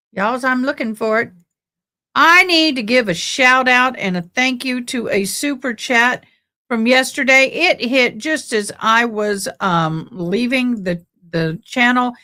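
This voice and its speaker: A woman's voice: fairly high pitch, sharp tone. A woman with a Texan accent, hosting a casual livestream and rambling as she thanks viewers. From born in Tennessee, raised in Texas. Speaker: livestream host.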